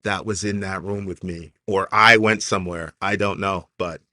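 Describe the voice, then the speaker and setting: A man in an interview earnestly telling a personal faith story, halting and restarting often with "like" fillers. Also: low-pitched, fairly even intonation, pushed and bright, dry recording. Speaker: interview guest. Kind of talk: emotional personal testimony.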